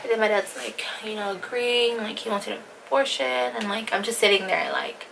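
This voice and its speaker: A woman's voice: fairly high pitch, normal speed, creaky, fairly bright tone, slight background noise, poor audio. A young woman vlogger telling a personal story in casual chat, often saying "like" and sometimes dropping to a whisper. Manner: fillers "like", acts out quotes, drops to a whisper at times.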